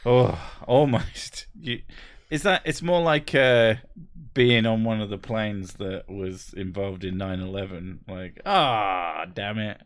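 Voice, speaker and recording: A man's voice: fairly low pitch, slow pace. A man in his thirties hosting a casual livestream from home, joking, swearing and laughing often as he reads out chat messages. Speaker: livestream host.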